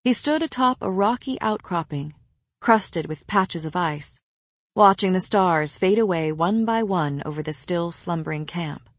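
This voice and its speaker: Woman, audiobook narration, lowish voice, soft even delivery, dry close sound. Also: measured pace, no echo. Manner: soft, even storytelling with quiet dialogue. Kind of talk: scripted first-person narration.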